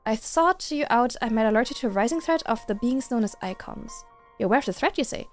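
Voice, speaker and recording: A woman's voice: on the high side, expressive, fast, faint music behind, close to an everyday voice. A woman reading aloud the formal lines of a mysterious male game stranger. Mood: solemn.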